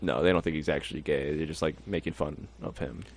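A man's voice: rumbling low, fairly even intonation, fast talker, gravelly, dry recording. A young man chatting casually on a podcast, rambling, swearing freely and laughing often. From Mexican-American. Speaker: podcast host.

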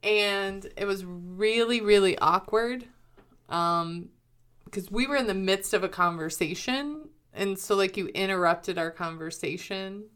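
A woman's voice: mid-range voice, measured pace, a bit bright, smooth. Chatty, self-conscious female guest. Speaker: podcast guest, host's wife. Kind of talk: casual podcast conversation.

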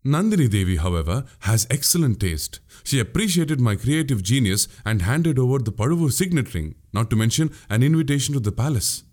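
A man's voice: mid-range voice, very animated, a little fast, few pauses, a little mellow. A man voicing a witty, boastful young male warrior in an audiobook, speaking grandly. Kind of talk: audiobook character voice.

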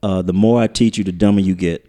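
A man's voice: sits low, steady tone, fast, dark tone. A man from the American South in a casual podcast chat, telling stories at an easy pace and trailing off with "uh" and "um". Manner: laid-back storytelling, trails off with uh and um. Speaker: guest.

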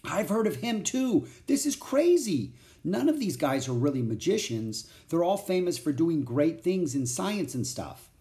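A careful young boy speaks earnestly, worry edging his words, voiced by a man reading a storybook. His delivery moves with lively pitch. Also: unhurried, hardly any pauses. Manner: earnest, a bit worried. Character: cautious thoughtful young boy.

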